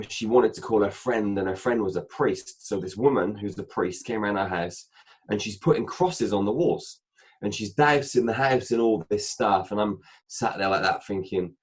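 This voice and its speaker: This interview guest has a lowish voice and speaks at normal speed. In a casual chat, he animatedly recounts a long story, acting out each exchange with repeated "I said" asides.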